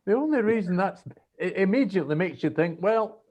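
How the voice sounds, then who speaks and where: A man hosting a casual political discussion, briskly steering the talk between topics. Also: sits high, expressive, a little mellow, highs cut off. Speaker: host.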